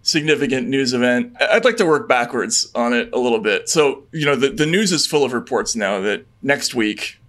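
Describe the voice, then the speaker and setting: A man's voice: medium pitch, expressive, fairly bright tone. Earnest, stammering man co-hosting. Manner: halting, frequent restarts and stammered repeats; worried, earnest analysis. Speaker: podcast co-host. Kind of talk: casual political chat.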